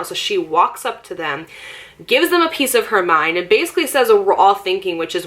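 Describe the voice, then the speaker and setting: Animated young woman telling a storytime. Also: medium pitch, normal speed. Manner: animated, with laughs, "like" fillers and voiced quotes. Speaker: vlogger. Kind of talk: casual storytime.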